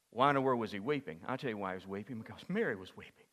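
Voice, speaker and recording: A forceful, bright-voiced pastor preaching. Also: male voice, fairly low pitch, animated, rapid-fire, in a large hall. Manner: dramatic preaching that swings from hushed to loud, impassioned peaks. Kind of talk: sermon. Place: church sanctuary.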